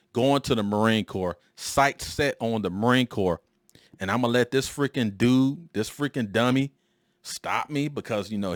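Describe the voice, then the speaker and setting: A man in his forties hosting a podcast, telling a personal story in an animated, emphatic way. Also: on the low side, no echo, clean studio sound. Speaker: podcast host. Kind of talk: storytelling monologue.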